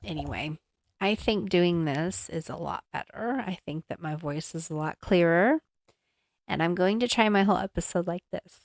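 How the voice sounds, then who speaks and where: A woman's voice: lowish voice, moderate pace, no room sound, clean studio sound. A young woman hosting a home recipe podcast, reading ingredients and steps in a chatty, apologetic way while fiddling with a handheld mic. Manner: chatty, apologetic, self-conscious about her mic. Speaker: podcast host. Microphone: handheld mic, moved around.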